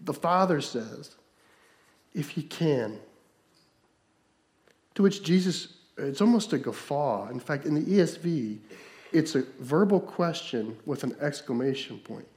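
Preaching man with a high, rising voice. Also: expressive. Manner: preaching with swings from loud emphasis to hushed, slow lines. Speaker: pastor. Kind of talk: sermon.

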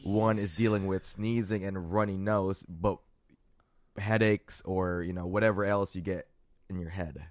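Sick guy with a raspy hoarse voice, real low, dry sound, rambling and cursing. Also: fairly even intonation, measured pace, dry recording. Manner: rambling, laid-back, swears often. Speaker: podcast co-host. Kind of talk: casual chat.

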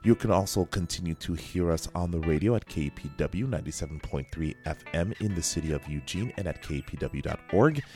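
A man's voice: sits low, expressive, brisk, hardly any pauses, warm tone, soft background music. A man co-hosting a podcast, chatting loosely through the news with a rambling, jokey manner. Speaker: podcast co-host. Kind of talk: casual news chat. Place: local radio studio.

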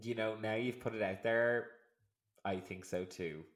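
A man's voice: fairly low pitch, fairly even intonation, measured pace. A man co-hosting a podcast in casual chat, rambling and laughing often. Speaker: podcast co-host.

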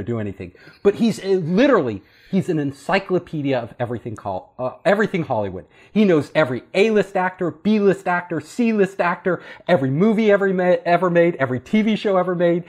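Animated, laughing man telling a story. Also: on the high side, slightly rough. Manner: animated, laughing, acting out quoted voices. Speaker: storyteller guest. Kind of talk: casual anecdote.

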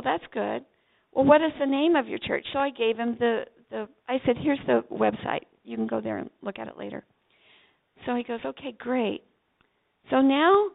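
An older woman tells her story with gusto, leaping up in pitch as she acts out each exchange. Her voice is fairly high with a heavy gravelly fry. The sound is thin and tinny, like a phone line. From Vermont. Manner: animated storyteller acting out dialogue. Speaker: pastor's wife telling a story. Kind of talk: storytelling testimony.

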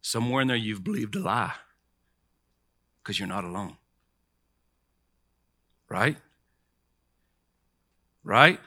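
Bright-voiced middle-aged male preacher. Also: lowish voice, animated, slow pace, long pauses, no echo, clean studio sound. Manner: conversational preaching that leads the crowd in call-and-response. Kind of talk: sermon.

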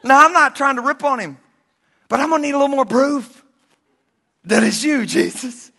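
A man preaching a sermon as a pastor, telling stories in a lively way and acting out the characters. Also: extremely high pitch, moderate pace, vocal fry. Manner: animated storytelling preacher who acts out the characters. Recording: reverberant hall.

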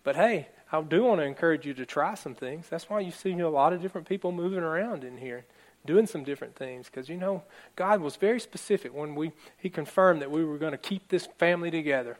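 A man's voice: fairly high pitch, fairly quick. A male pastor preaching a conversational sermon to his congregation, emphatic and often asking for an amen. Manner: emphatic, asks the congregation for amens. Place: church service before a congregation.

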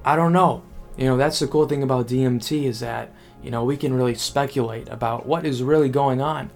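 A young man rambles excitably in a casual vlog monologue, stacking fillers and swearing freely. His voice sits at an ordinary middle pitch. Faint guitar music plays beneath him. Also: a little fast, creaky. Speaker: vlogger.

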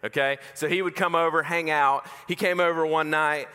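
A man preaching a sermon as an animated, self-mocking storyteller. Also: fairly high pitch, moderate pace, clear, resonant tone. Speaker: pastor. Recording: reverberant hall.

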